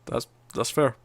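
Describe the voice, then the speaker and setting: A man co-hosting a movie discussion podcast, talking casually and rambling with lots of fillers and restarts. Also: no echo. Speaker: co-host of a movie discussion show. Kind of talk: casual chat.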